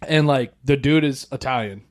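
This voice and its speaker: A young man co-hosting a podcast, telling stories in a loose, profane, animated way. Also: mid-range voice, normal speed. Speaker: podcast co-host. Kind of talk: casual chat.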